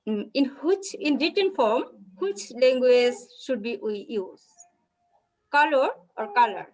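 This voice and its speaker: A woman moderates a webinar over a video call. Her voice is notably high, and her manner is polite and formal. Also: big pitch swings, a little slow, darkish tone, low-quality recording. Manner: polite, formal, addresses presenter as sir.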